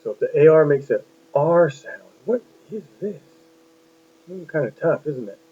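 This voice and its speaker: A man's voice: a little high, animated, normal speed, breathy edge. A man teaching a phonics lesson to young children, patient and encouraging, asking lots of questions. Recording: tinny lo-fi phone-like sound.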